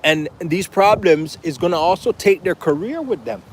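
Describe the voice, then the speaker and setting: A man's voice: high voice, animated, moderate pace, background noise. A man vlogging in an unscripted monologue, talking emphatically and repetitively, rambling with restarts and rhetorical questions.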